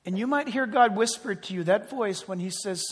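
High-voiced preacher in an echoing hall. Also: male voice, normal speed, slightly rough. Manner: dramatic, swings from loud to hushed. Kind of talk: sermon. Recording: long reverb of a large hall.

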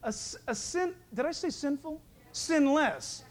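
A man's voice: extremely high pitch, measured pace. A middle-aged male pastor preaching a sermon, joking and acting out little voices as he goes. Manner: lively, joking preacher who acts out voices.

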